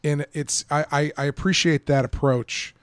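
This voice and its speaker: A man co-hosting a podcast, talking enthusiastically about a film with dry humor and a gravelly voice. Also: fairly high pitch, fairly even intonation, normal speed, no echo. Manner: enthusiastic, dry humor, frequent agreeing interjections. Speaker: podcast co-host. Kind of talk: casual movie discussion.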